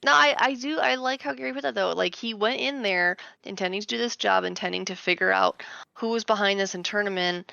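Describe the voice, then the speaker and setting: A woman co-hosting a casual movie podcast, chatty and quick to laugh. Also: medium pitch, creaky, sharp tone, clean tone, no echo, muffled recording. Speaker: podcast co-host.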